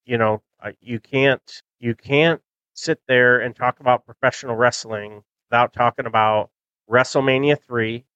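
A man's voice: medium pitch, steady tone, moderate pace, sharp tone, clear, resonant tone, no room sound, muffled recording. A middle-aged man hosting a podcast in casual chat, rambling and nostalgic with many fillers, close to the mic. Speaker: podcast host.

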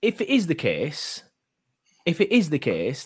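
A man's voice: fairly high pitch, wildly swooping pitch, a little slow, breathy edge. A man hosting a casual football fan chat, rambling and hesitant, full of fillers and restarts. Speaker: fan podcast host.

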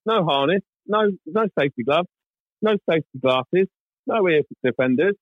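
A man's voice: on the high side, moderate pace, no room sound, narrow, tinny audio. A man, co-hosting a podcast and telling a funny story in casual, swear-filled chat. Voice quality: sweary, animated anecdote-telling. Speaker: podcast co-host.

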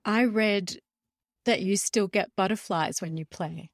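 A woman's voice: mid-range voice, measured pace, no room sound, studio quality. A woman hosting a podcast interview who asks playful, teasing questions. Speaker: podcast host.

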